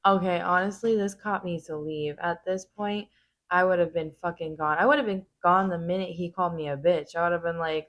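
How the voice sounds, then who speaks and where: A woman's voice: on the low side, fairly even intonation, fairly quick, fairly bright tone. A woman hosting a reaction video, giving blunt, casual commentary full of swearing.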